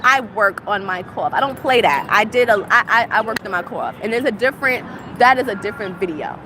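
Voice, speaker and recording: A woman's voice: medium pitch, expressive, brisk. A woman vlogging outdoors, upset and venting, with a dry cough and frequent rhetorical questions. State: dry cough, clearing throat. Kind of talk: venting vlog monologue. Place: outdoors on a city street, heading to a train. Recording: street noise behind.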